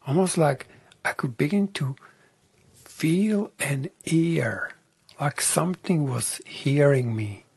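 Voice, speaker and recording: A man talking reflectively as an interview guest, soft-spoken and often dropping into a whisper. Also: mid-range voice, vocal fry, husky.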